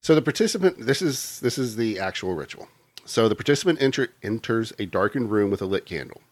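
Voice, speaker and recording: A man's voice: lowish voice, expressive, fairly quick, no echo. A man hosting a casual podcast, reading notes aloud between jokes. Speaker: podcast host reading the lore.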